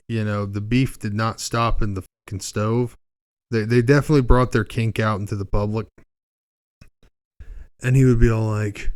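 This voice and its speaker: A man's voice: fairly low pitch, darkish tone, smooth, dry recording, clean studio sound. A man in his thirties, a podcast host telling rambling, profane, joking stories in a casual way. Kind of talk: casual comedic storytelling.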